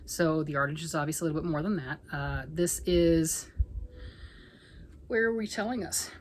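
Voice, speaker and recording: A middle-aged woman vlogging at home about knitting, chatting in a rambling way and often sinking into a soft near-whisper. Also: sits low, normal speed, slight background noise, poor audio. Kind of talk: casual chat.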